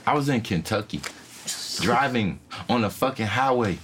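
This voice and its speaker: A man co-hosting a podcast, telling a profane, animated story in casual chat and acting out what people said. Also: mid-range voice, moderate pace, a little hiss or hum. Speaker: podcast co-host.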